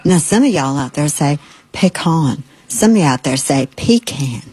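A woman's voice: low voice, lively intonation, fairly quick, warm tone, breathy edge. A middle-aged woman hosting a talk radio show, blunt and sarcastic, rambling through opinionated commentary with many restarts.

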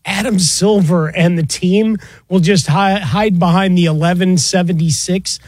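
Man, sports radio host, high voice, dry studio sound, teasing banter. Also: fairly even intonation, unhurried, darkish tone, dry recording. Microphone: studio microphone.

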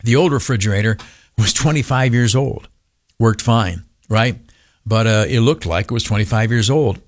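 A man's voice: medium pitch, moderate pace, no echo, studio quality. Grumpy middle-aged man ranting. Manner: grumpy ranting, stammered restarts, many fillers. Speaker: commentary host. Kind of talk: political monologue.

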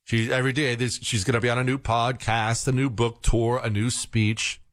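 A man's voice: medium pitch, normal speed. A man hosting a talk radio show, telling stories and mocking a guest with sarcastic asides. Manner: sarcastic, mocking, animated storytelling.

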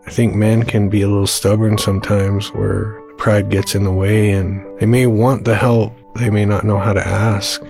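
A man's voice: lowish voice, little pitch movement, moderate pace, creaky, few pauses, over music. A man speaking earnestly and reflectively about being a single father, in a public service ad. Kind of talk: personal testimonial.

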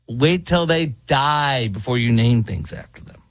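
A male talk host, fired up and opinionated, who rants through his commentary and slips into mocking impressions. His voice sits at a middle pitch and sounds dry and close, with no room around it. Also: lively intonation, measured pace, no room sound. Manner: heated, ranting, mocking impressions. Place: Dallas.

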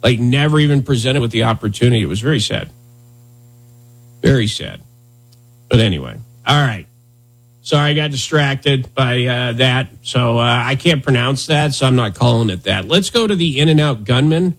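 A man's voice: mid-range voice, expressive, normal speed. A man hosting a talk radio show, riffing in a sarcastic, rambling, mock-indignant way. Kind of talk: casual comedic talk radio banter.

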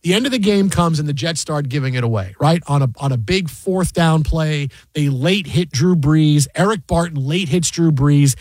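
A man's voice: on the high side, normal speed, few pauses, dry recording. A man hosting a sports radio show, telling a story in a casual chat and acting out the other people in it. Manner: animated storyteller, acts out other people loudly. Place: radio studio.

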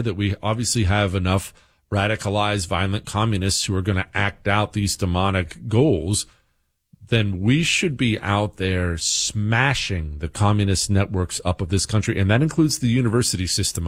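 A man's voice: on the low side, normal speed. A man hosting a political talk radio show, delivering a heated, indignant monologue.

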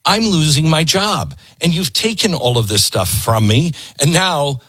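A man's voice: a little high, lively intonation, a little slow, fairly bright tone, slightly rough, dry recording. A middle-aged man hosting a talk show, giving an emphatic political commentary monologue and repeating his points for force.

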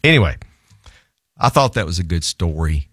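A male lawyer telling a story in an animated, self-amused way, laughing often as he talks. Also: low-pitched, moderate pace, slightly rough, no room sound, studio quality.

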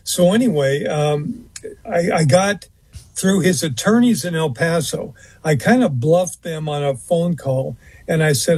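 Husky man telling a long story. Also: fairly high pitch, a little mellow, no room sound. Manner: rambling, fills pauses with uh and um, restarts. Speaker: interview guest. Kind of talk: anecdotal storytelling in conversation.

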